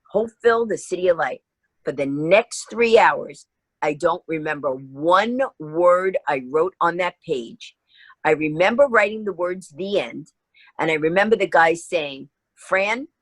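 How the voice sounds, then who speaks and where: A woman's voice: on the low side, breathy edge, no room sound. A middle-aged woman guest telling a story in a podcast interview, acting out both sides of the dialogue. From New York.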